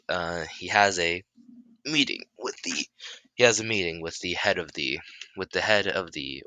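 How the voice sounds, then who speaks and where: Guy telling a made-up fan story, low deep voice, lots of stops and restarts, dry close sound. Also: sharp tone, no echo. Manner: halting, many restarts, making it up as he goes. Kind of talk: improvised fan-fiction narration.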